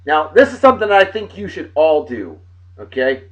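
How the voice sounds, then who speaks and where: Animated vlog host, lively swinging pitch. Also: male voice. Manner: loud, animated, drawn-out emphasis on names. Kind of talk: casual shout-out vlog. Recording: dull lo-fi sound.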